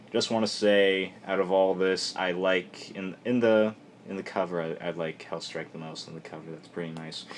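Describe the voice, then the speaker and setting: A man casually recapping a comic book issue on camera in a rambling, irreverent, animated way. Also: deep voice, slight background noise.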